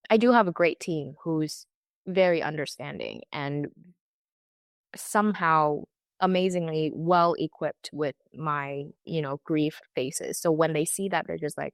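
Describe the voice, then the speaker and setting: Low-voiced woman sharing a hard story. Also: gravelly, no echo. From California. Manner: halting, emotional, many restarts and quoted asides. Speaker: interview guest. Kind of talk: candid personal account.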